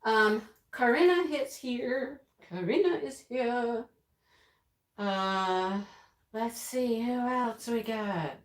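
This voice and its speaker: A woman's voice: on the high side, extremely slow. A woman hosting a casual craft live stream, chatting and greeting viewers one by one with frequent laughs. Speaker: livestream host. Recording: echoey room, own speakers feeding back.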